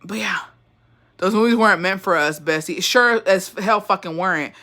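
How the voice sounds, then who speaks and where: A podcast host in a casual, animated rant, swearing constantly. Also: medium pitch, normal speed.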